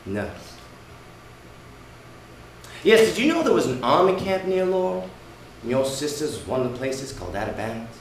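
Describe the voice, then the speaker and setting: A man's voice: medium pitch, big pitch swings, normal speed, pauses often, slight background noise. A man playing a sneering bully husband. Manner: sneering, taunting, forceful. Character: brash working-class husband, mocking, bullying. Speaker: stage actor. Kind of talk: amateur stage play performance. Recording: echoey room, distant mic.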